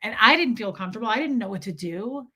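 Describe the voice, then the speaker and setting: A woman with a bright, forceful voice hosts a livestream and tells a candid personal story. She talks in an animated, unpolished way and stops now and then to greet people in the chat. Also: a little high, fast talker, slightly rough. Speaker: livestream host.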